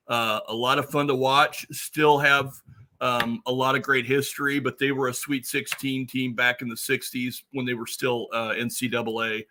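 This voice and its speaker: Man, bright tone, casual podcast chat, enthusiastic. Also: mid-range voice. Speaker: podcast host.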